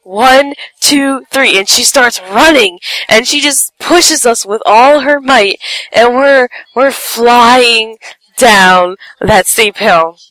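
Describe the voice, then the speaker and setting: A woman with a voice on the high side tells a funny personal story casually and slowly. She's animated, giggling between lines and acting out quotes with squeals and shouts. The audio is poor, with no room sound.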